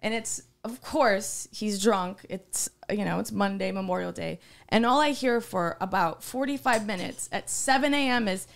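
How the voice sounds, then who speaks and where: A woman co-hosting a podcast in casual chat, telling animated stories with frequent swearing and laughter. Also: fairly high pitch, normal speed, gravelly. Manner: animated storyteller, swears freely, laughs often. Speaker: podcast co-host.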